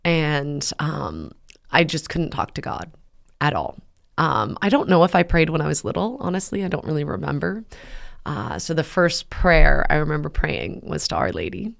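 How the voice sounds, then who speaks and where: A woman in her thirties hosting a faith talk, telling a personal story in a rambling, heartfelt way with many pauses and fillers. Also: low voice, sing-song, vocal fry. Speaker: podcast host. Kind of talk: casual personal testimony.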